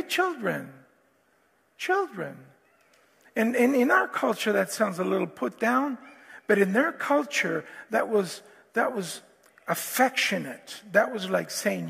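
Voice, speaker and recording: A man preaching a sermon as pastor, animated and prone to restarts, acting out quotes from the story. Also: sits high, gravelly, breathy edge. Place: church hall. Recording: long hall reverb, faint guitar.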